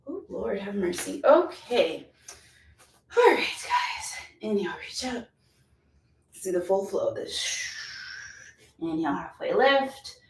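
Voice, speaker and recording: Woman, yoga instructor, playful and chatty, lively pitch, roomy echo. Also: slight background noise. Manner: upbeat, playful, chatty with bursts of laughter and whoops. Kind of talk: guided yoga class instruction. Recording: echoey room, mic at a distance.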